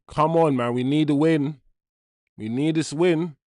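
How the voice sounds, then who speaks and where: A young man streaming a live football watchalong, talking to viewers in slang and swinging between mutters and loud outbursts. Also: fairly high pitch, measured pace, dry recording, clean studio sound. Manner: loud swings from groans to shouts, slang-heavy.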